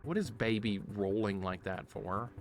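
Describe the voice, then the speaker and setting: A man's voice: on the low side, a little slow. Guy with a light southern accent streaming a game, chatty and jumpy, laughs a lot, faint game music behind. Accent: slight Southern US city accent. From southeastern United States. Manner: chatty, excitable, laughs often, greets chat. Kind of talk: live gameplay commentary.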